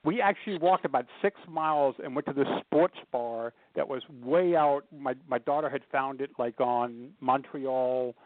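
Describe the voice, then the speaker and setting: A man's voice: mid-range voice, moderate pace, few pauses, no room sound. Storytelling man on a tinny phone line. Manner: animated storyteller acting out quoted voices. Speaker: guest humor speaker. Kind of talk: telling stories in a radio interview.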